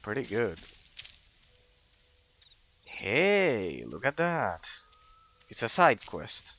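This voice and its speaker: A man's voice: medium pitch, wildly swooping pitch, very slow, fairly bright tone, a little hiss or hum. A man giving casual let's-play commentary, thinking aloud, trailing into fillers and swearing now and then. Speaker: gameplay commentator.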